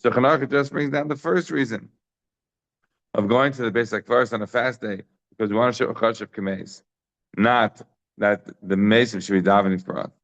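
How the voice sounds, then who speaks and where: A man's voice: on the low side, a little fast, fairly bright tone, dull audio. A man giving a daily Talmud lesson, emphatic and full of rhetorical questions, mixing in Hebrew and Yiddish terms. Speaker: Talmud teacher.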